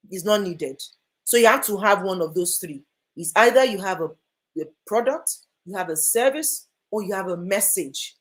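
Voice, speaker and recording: A woman with a Nigerian accent speaking as an energetic, emphatic guest in an interview. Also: mid-range voice. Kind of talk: lively interview talk.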